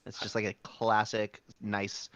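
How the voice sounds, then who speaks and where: A man hosting a casual podcast chat, relaxed and rambling, with bursts of excitement. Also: on the low side, unhurried, no room sound, highs cut off. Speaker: podcast host.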